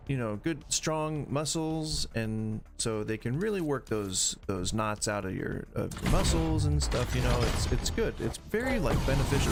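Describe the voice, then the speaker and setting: A man with a gravelly, fry-laden voice of middling pitch gives loose, jokey commentary while he plays a shooter game. He rambles, trips over his words and restarts sentences, with faint music underneath. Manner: rambling, jokey, self-interrupting. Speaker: game streamer. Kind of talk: casual gameplay commentary.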